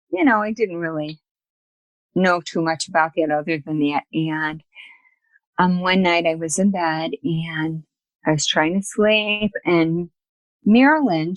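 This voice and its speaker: A woman guest on a podcast interview, telling personal stories in a lively, chatty way and acting out the dialogue. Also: on the low side, measured pace, no echo, lo-fi sound. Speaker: guest, spiritual medium. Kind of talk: casual storytelling in an interview.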